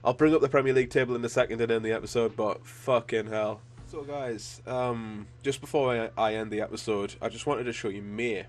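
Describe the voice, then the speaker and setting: A man's voice: mid-range voice, a little fast, few pauses. Sweary frustrated gamer man. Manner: frustrated, sweary, bursts of excitement. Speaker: gaming YouTuber. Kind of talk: live game commentary.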